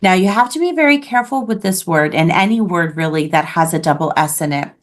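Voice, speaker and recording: A woman's voice: lowish voice, animated, a little fast. A woman teaching a beginners' French class online, patiently modeling each word for her students. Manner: patient, clear modeling of pronunciation.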